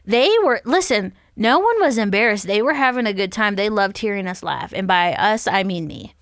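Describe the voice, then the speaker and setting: A woman's voice: mid-range voice, expressive, moderate pace, dry recording, clean studio sound. A young woman co-hosting a podcast, playful and teasing, laughing often. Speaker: podcast co-host. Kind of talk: casual chat.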